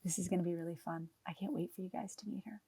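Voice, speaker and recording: A woman hosting a podcast, telling stories in a chatty, energetic way and interviewing a guest. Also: on the low side, fast, vocal fry, breathy edge, dry recording. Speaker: host.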